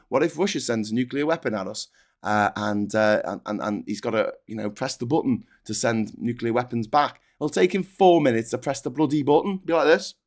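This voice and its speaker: A British man hosting a political commentary livestream, animated and sarcastic, ranting with frequent restarts. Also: a little high.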